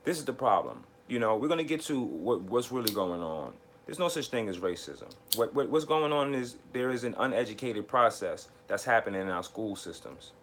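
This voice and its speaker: A man's voice: fairly low pitch, big pitch swings, normal speed, hardly any pauses, fairly bright tone, a little hiss or hum. Heated, profane man ranting live. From United States. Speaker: host. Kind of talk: live political rant.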